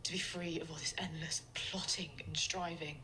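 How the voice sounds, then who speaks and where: An actress playing a weary, dutiful queen speaking softly and confessionally. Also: low voice, steady tone, moderate pace, a little hiss or hum.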